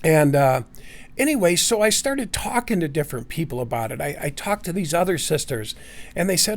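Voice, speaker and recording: Man, high voice, middle-aged, rambling personal story, restarts. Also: big pitch swings, brisk. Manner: rambling, with restarts and acted-out quotes. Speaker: storyteller recounting personal experience.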